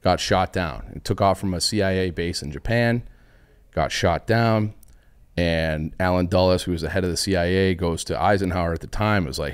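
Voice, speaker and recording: A man's voice: deep voice, moderate pace, smooth. A young man casually explaining history on a podcast, rambling with lots of fillers and loose quotes. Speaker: podcast guest.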